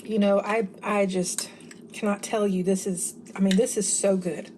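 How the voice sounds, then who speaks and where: A woman's voice: medium pitch, steady tone, normal speed, darkish tone, slight background noise. Chatty woman tasting her pie. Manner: chatty, enthusiastic, says y'all. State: talking while eating. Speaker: home cooking vlogger. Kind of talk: casual cooking vlog.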